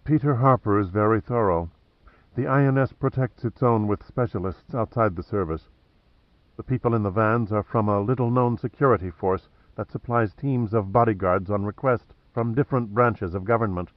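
A man's voice: on the low side, moderate pace, dry recording, highs cut off, lightly acted. A man reading an audiobook voices a sultry, dry-witted female government agent, cool and teasing.

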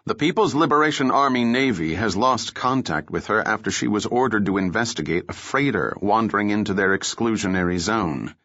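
A tense intelligence official fires off pointed, accusing questions, as a male narrator voices him. His tone is dry and close, a little raised over the reader's low voice. The audiobook recording is slightly dull. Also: expressive, fairly quick, hardly any pauses, bright, forceful tone, no room sound. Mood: sharp, worried. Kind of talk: audiobook reading.

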